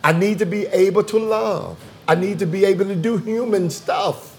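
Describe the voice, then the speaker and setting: A man's voice: sits high, moderate pace, darkish tone. A man, a theologian guest in a conversational interview, talking emphatically and repeating phrases for rhythm.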